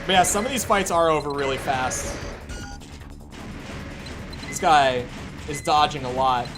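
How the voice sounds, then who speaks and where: Minnesota guy streaming a game, kinda high voice, rambly with lots of likes, quiet music behind. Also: unhurried. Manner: rambling, filler-heavy, with frequent "like". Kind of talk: casual chat while playing.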